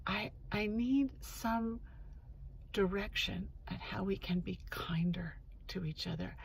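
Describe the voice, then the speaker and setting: Woman talking into the mic from her parked car, earnest storytelling, mid-pitched voice, faint noise behind. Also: slow pace, vocal fry. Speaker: host. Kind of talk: candid personal monologue. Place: parked car in a parking lot.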